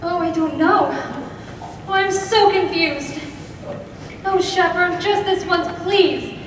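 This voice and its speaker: Woman playing a melodramatic showgirl bride, very high voice, breathless, echoey distant stage. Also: takes it slowly. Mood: excited. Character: glamorous young showgirl bride, theatrical. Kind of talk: stage musical performance. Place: school auditorium stage. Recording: echoey hall from far off, noisy.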